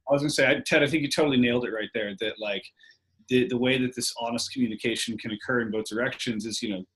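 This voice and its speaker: A man's voice: mid-range voice, fairly even intonation, fast talker, a bit bright, poor audio. A man in a casual group conversation, reflectively explaining ideas in long flowing sentences. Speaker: panelist.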